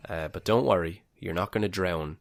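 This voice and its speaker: A man with a very deep voice co-hosts a casual podcast, dropping dry, deadpan quips. The sound is close and dry, with no room echo. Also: moderate pace, creaky. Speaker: podcast co-host. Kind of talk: casual banter.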